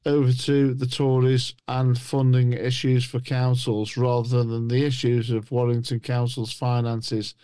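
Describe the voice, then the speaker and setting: A man on a podcast panel making his points in measured, deliberate commentary. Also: medium pitch, little pitch movement, warm tone, clean tone, no echo. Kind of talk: political commentary.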